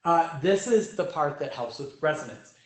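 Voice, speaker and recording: A man's voice: on the high side, lively intonation, normal speed. A young man teaching vocal technique to a choir, explaining step by step and often checking in with "right?". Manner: sings vocal demonstrations. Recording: roomy echo.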